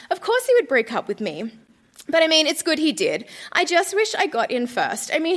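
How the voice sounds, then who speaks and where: A woman's voice: high-pitched, a bit bright. A woman in her thirties reading her teenage diary aloud on a live stage, melodramatic and breaking into laughter. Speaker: guest reader.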